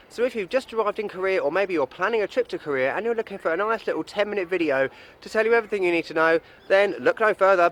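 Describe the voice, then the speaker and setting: A man's voice: high-pitched, a bit bright. A young man presenting a cheerful travel guide vlog, explaining things patiently with a self-deprecating manner. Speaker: travel vlogger. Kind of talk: upbeat travel guide to camera.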